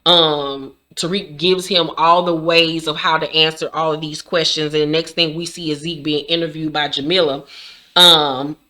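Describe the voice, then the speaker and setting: A woman's voice: sits low, moderate pace. A woman casually recapping a TV drama episode, cursing freely and acting out the characters' lines herself. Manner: profane, animated, acts out characters' lines. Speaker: recap vlogger.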